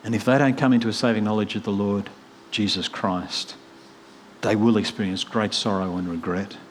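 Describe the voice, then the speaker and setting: A middle-aged man preaching a sermon, earnest, moving from hushed storytelling to rising, emphatic appeals. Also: on the low side, fairly even intonation, normal speed, slight background noise.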